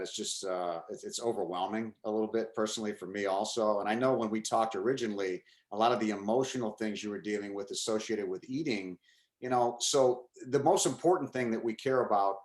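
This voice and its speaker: A man hosting an interview as a coach, talking sincerely and emphatically with a client. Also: on the low side. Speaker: coach and program host. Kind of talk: casual interview. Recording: echoey room.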